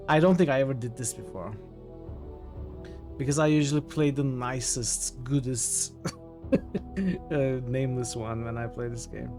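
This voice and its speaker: A man streaming a game casually, reading the game text aloud and greeting his chat. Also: medium pitch. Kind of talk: casual game livestream commentary.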